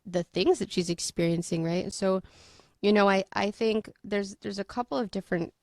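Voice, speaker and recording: A woman host leading a group coaching call, gently guiding and reflective. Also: mid-range voice, normal speed, no room sound, studio quality. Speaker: mentor and host.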